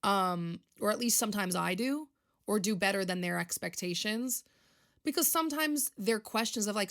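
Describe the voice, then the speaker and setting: A woman's voice: mid-range voice, moderate pace, a bit bright. A young woman, chatting on her own podcast in a rambling, confessional, emotional way. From Long Island, New York. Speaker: podcast host. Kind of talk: casual solo podcast chat.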